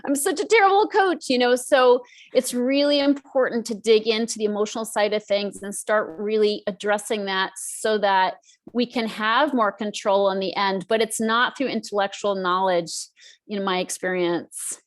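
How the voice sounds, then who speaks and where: A middle-aged woman talking as an expert guest on a podcast, chatty and animated, often acting out her own inner voice. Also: mid-range voice, moderate pace. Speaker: guest, emotional eating expert. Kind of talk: podcast interview.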